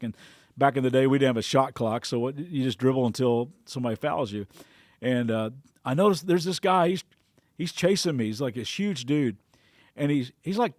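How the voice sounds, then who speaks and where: A man's voice: mid-range voice, a little mellow, dry recording, studio quality. A middle-aged man, a pastor hosting a devotional podcast, tells a personal story in a chatty way, with frequent restarts and quotes he acts out.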